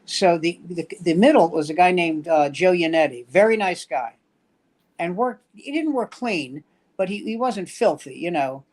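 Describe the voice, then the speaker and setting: A man's voice: high-pitched, expressive, moderate pace. Older New man telling wry stories. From New York. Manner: wry, rambling anecdotal storyteller. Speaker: veteran standup comedian guest. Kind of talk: casual storytelling chat.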